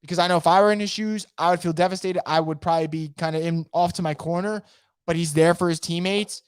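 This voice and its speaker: A man hosting a casual live sports podcast from home, energetic and opinionated, rambling with frequent restarts. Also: a little high, fast, smooth, no echo, studio quality. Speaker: podcast host. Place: home room.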